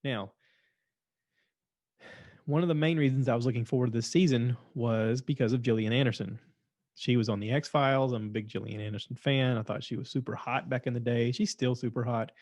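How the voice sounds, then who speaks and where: A man's voice: medium pitch, fairly even intonation, fairly quick, darkish tone, no room sound. Chatty man in a dry close sound. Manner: rambling, repeats himself, chatty and opinionated. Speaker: podcast host. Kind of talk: casual monologue reviewing shows.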